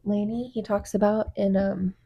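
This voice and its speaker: A woman's voice: mid-range voice, moderate pace, creaky, lo-fi sound. A woman co-hosting a casual chat podcast, telling stories animatedly with lots of fillers. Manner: chatty, animated storytelling with fillers. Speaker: podcast co-host.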